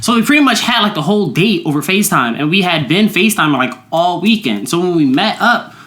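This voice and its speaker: Animated young woman telling stories. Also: fast talker. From United States. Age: young adult. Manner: animated storytelling, swings into high voices when quoting herself. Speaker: podcast co-host. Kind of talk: casual chat. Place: indoor room at home.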